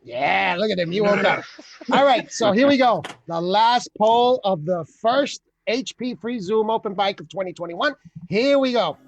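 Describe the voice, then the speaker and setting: A man's voice: high-pitched, expressive, moderate pace, gravelly, lo-fi sound, slight background noise. A man hosting an open mic over a video call, cracking jokes, laughing at his own lines and tossing in Spanish slang. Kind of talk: loose joking Zoom chat.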